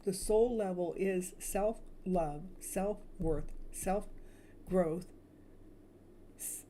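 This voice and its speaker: A woman tarot reader speaking soothing spiritual affirmations, slowly repeating each phrase. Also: fairly low pitch, dark tone, a little hiss or hum.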